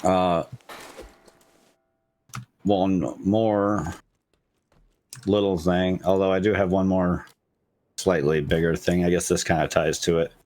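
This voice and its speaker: Male podcast co-host, very low voice, halting casual delivery. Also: fairly even intonation, darkish tone, slight background noise. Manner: halting, many filler "uh"s, blunt jokes. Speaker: podcast co-host reading gaming news. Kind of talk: casual chat.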